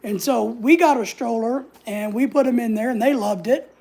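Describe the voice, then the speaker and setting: Sassy, gravelly woman. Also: on the high side, moderate pace, mellow. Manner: sassy, blunt, swears freely, acts out other people's lines. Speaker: vlogger. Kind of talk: casual storytelling.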